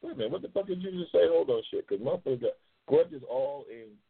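A talk show host from New York City talks loud and passionate, swears heavily, and reads out viewer comments on a live show. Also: male voice, on the high side, huge pitch swings, fast talker, creaky, husky. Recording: tinny phone-like audio.

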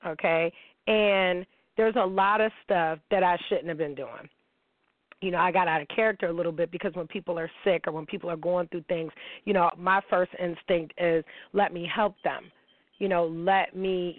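A woman's voice: fairly low pitch, no echo. A woman radio host in her thirties talking bluntly and profanely in a candid, sassy monologue. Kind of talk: candid casual talk monologue. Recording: dry tinny phone-like radio sound.

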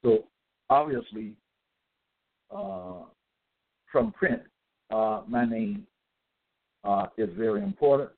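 Over tinny, phone-like audio, a self-styled religious teacher with a fairly low voice delivers a monologue citing scripture. He reads out verse references deliberately, spells out capitals, uses hesitant fillers, and pauses to check in with "okay?" as he goes.

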